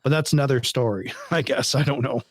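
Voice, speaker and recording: A man as a podcast guest, telling a story in casual chat, animated and incredulous, swearing freely. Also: medium pitch, fairly quick, no echo, clean studio sound.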